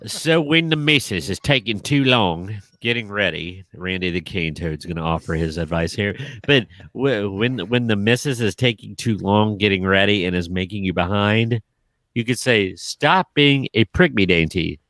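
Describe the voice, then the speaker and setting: Clean studio sound with no room echo carries this low-ish male voice at normal speed. He's a podcast co-host who chats casually, laughing often and telling stories with animation.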